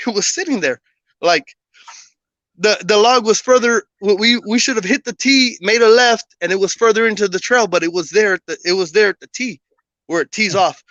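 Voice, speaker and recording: A man tells a story in a casual podcast chat, animated and quick to laugh, acting out the lines of everyone involved. His voice is bright and sharp. The recording is dry and a little dull and lo-fi. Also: high-pitched, no echo. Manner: animated, laughs often, acts out dialogue. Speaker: guest telling a personal story.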